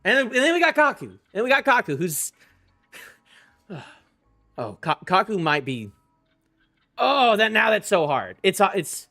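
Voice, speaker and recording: Young male streamer, high pitched, excitable fan rant, faint music underneath. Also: unhurried, long pauses. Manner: rambling and excitable, stumbling restarts, swears. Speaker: streamer reacting to a manga chapter. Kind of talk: live reaction rant, casual.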